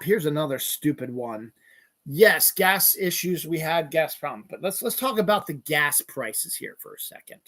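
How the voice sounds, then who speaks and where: A man hosting a solo podcast, ranting angrily with heavy swearing and sudden bursts of yelling. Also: sits high. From Eastern United States. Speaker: podcast host. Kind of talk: solo rant.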